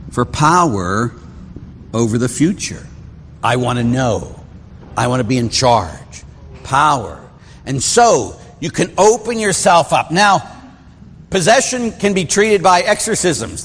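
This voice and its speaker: A man's voice: fairly high pitch, a little hiss or hum. A middle-aged man, a Catholic priest from Pittsburgh, preaching in a folksy storytelling way and acting out the voices in his tales. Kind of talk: sermon with personal stories. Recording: long hall reverb.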